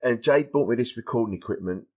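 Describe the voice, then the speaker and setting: A middle-aged man, a stand-up comedian chatting candidly as a guest, telling stories in a lively, frank, self-deprecating way. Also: mid-range voice, fast talker. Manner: animated, acts out dialogue, frank and self-deprecating. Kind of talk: candid conversational storytelling.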